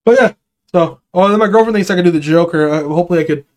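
A man in casual chat, animated and rambling, swearing freely and dropping into funny voices while telling stories. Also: sits high, very fast.

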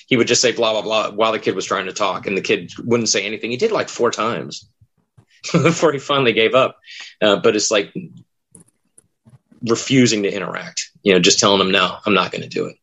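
Low-voiced man telling haunt stories. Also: animated, brisk, fairly bright tone, slightly rough. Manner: rambling storyteller, acts out quoted lines. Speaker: haunted attraction actor. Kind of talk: casual podcast chat.

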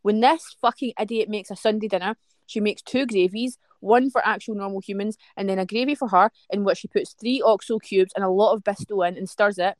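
Scottish woman co-host, rapid sweary storyteller, dry close sound. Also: mid-range voice, steady tone, no room sound. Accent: West Coast Scottish. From Scotland. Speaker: podcast co-host. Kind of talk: casual chat.

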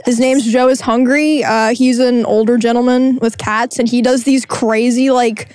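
A woman's voice: on the high side, steady tone, moderate pace, a little mellow, clear, resonant tone, dry recording. A woman hosting a podcast, chatting in an upbeat, casual way. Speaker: podcast host. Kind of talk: casual chat.

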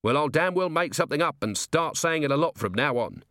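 A man's voice: a little high, expressive, a little fast, a bit bright, no echo, voice pushed up. A man reading the part of a weary, sardonic police commander in an audiobook, dry and clipped. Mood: brisk. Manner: sardonic, wry.

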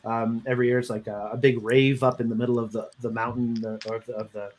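A man's voice: mid-range voice, little pitch movement, fast talker, a little mellow, a little hiss or hum. A man hosting a casual podcast chat, joking around and asking his guests questions. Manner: laid-back, jokey, asks the questions. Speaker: podcast host.

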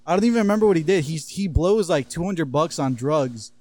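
A young man casually telling profane, laughing high school stories on a podcast and acting out what people said. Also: expressive, brisk, darkish tone. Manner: profane, laughing storyteller who acts out quotes. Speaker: podcast co-host. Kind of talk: casual storytelling chat.

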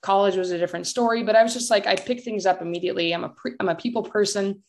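A woman's voice: medium pitch, rapid-fire, darkish tone. A young adult woman co-hosts a chatty podcast. She talks in an upbeat, encouraging way and exclaims often. Her voice sits in a middle register. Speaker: podcast co-host. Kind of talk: casual podcast chat.

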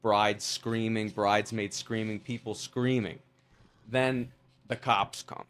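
A middle-aged man with a New York accent, a wedding photographer telling stories as a podcast guest, animated, with frequent laughs. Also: lowish voice, takes it slowly. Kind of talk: casual chat.

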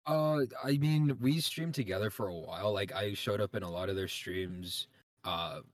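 A young man guest talking casually and hesitantly, full of fillers, trailing off quietly. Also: on the low side, normal speed, no echo, clean studio sound. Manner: mumbly, hesitant, lots of fillers. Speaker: guest streamer. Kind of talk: casual chat.

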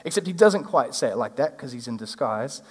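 A male pastor, preaching a sermon in a church and retelling the story in a lively, casual way. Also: medium pitch, a little fast, slightly rough. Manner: animated, acts out the characters in a casual retelling. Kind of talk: sermon with scripture reading. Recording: long hall reverb.

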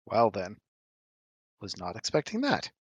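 A man's voice: on the low side, huge pitch swings, unhurried, slightly rough, no echo. Chatty man playing a tabletop game. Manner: self-deprecating, chatty. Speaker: player. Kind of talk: casual chat at a tabletop game.

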